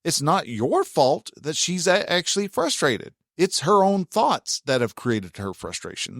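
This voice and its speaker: A man gives casual relationship advice in a folksy, rambling way. His voice sits a little high for a man. The sound is dry and close, with no room echo. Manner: conversational, many restarts, acts out quoted spouse lines.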